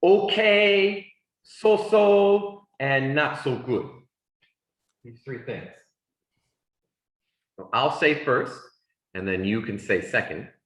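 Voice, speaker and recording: A man teaching an English class, speaking slowly and deliberately for students. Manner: slow, deliberate speech with lively pitch swings. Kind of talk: classroom lesson. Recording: echoey classroom sound.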